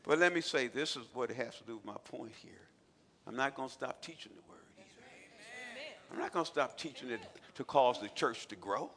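A man preaching a sermon as pastor, shifting from quiet asides to shouted exhortation and acting out quotes with repeated filler sounds. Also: medium pitch, expressive, fairly quick. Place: church sanctuary. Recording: long hall reverb from a large church.

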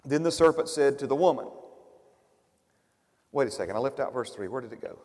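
A man preaching a sermon as pastor, with loud, emphatic bursts that drop to quiet, quick asides. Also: medium pitch. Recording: long hall reverb.

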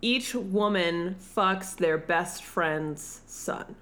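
A woman's voice: on the low side, very slow, a bit bright, slight background noise. A woman co-hosting a podcast in casual chat, teasing and crude, with frequent giggles. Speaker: podcast co-host.

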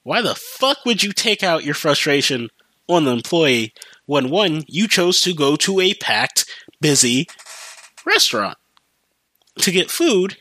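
A man's voice: fairly high pitch, very animated, a little slow, bright, forceful tone, dry recording. A young man hosting his own podcast, ranting profanely in a casual solo monologue and mimicking other people's voices. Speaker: podcast host.

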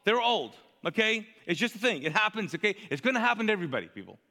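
A male pastor preaching in a chatty, animated way, asking the congregation to fill in words. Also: high voice, fast, in a large hall. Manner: conversational, animated, asks the crowd to fill in words. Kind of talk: sermon.

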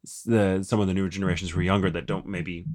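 A man co-hosting a podcast in casual chat, talking in a heated, profane, halting way. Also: low-pitched, little pitch movement, darkish tone. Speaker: podcast co-host.

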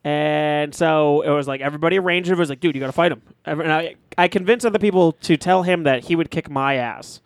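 A man's voice: fairly high pitch, brisk, vocal fry, hardly any pauses, clear, resonant tone, no echo, clean studio sound. A man from Massachusetts, telling a rambling, profane school story on a podcast and acting out the quotes. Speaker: podcast co-host. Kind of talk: casual storytelling chat.

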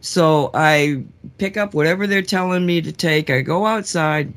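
Excited high-voiced man telling a story. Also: normal speed. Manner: excited, animated storyteller with many restarts. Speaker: radio show host. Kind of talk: casual storytelling.

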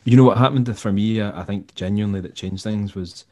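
A Scottish man, a musician and tour manager, telling stories in a relaxed, rambling way and acting out the people he quotes. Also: on the low side, a little fast. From Scotland. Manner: rambling, laid-back, acts out quoted dialogue. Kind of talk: casual storytelling interview.

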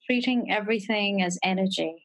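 A woman interviewing in a conversational way, quick and animated when she talks. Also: mid-range voice, poor audio.

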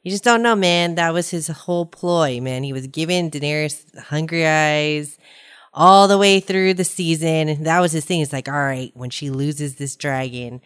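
A woman co-hosting a casual chat show, giving relaxed, measured opinions. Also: deep voice, smooth.

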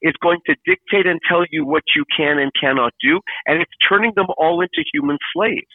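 A man's voice: a little high, fairly quick, no room sound. Insistent man on a tinny phone line. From Canada. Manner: earnest and insistent, piles up rhetorical questions. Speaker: podcast co-host. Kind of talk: casual chat.

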